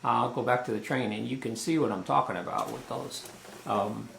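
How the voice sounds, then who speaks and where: A man's voice: medium pitch, moderate pace, creaky, fairly bright tone, echoey room, slight background noise. A man co-hosting a casual live music stream, bantering in a bemused, rambling way. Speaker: co-host and musician.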